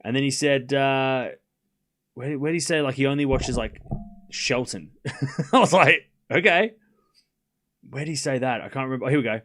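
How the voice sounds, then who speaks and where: A man's voice: medium pitch, moderate pace, pauses often, fairly bright tone. A young man hosting a live stream, chatting casually and rambling, often repeating himself. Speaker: host.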